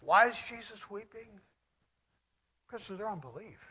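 A man preaching a sermon, reading scripture slowly and solemnly and swinging between loud declaiming and hushed near-whispers. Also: high voice, lively intonation, slightly rough.

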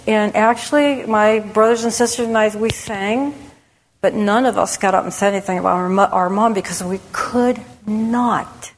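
Speaking at medium pitch, a women's ministry speaker in middle age gives a candid testimony before a church congregation. Her delivery is loose and honest, full of restarts and "you know," and the sound carries a long hall reverb.

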